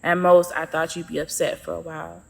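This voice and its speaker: A woman voicing Pain as a calm, nonchalant male figure in a spoken short story. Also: low-pitched, a little fast, creaky. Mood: soft, earnest.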